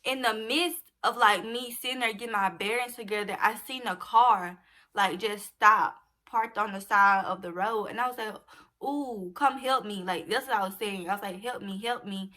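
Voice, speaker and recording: A woman's voice: mid-range voice, moderate pace, bright, forceful tone. A young woman telling a personal story to her viewers in a casual, chatty way. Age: young adult. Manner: chatty, addresses viewers directly as y'all. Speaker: vlogger.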